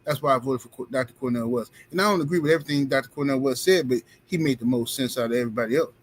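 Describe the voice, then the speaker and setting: A man's voice: mid-range voice, very fast, slight background noise, poor audio. A man hosting a live stream, speaking bluntly in casual commentary and often repeating his phrases. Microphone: streaming setup mic.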